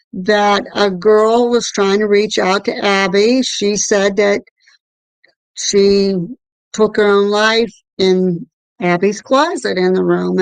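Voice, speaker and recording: A middle-aged woman co-hosting a casual talk show, telling a story in an animated way with swearing. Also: medium pitch, clear, resonant tone, no room sound, rough recording. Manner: animated storytelling, swearing, repeated "I'm there like". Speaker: co-host. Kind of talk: casual chat about paranormal experiences.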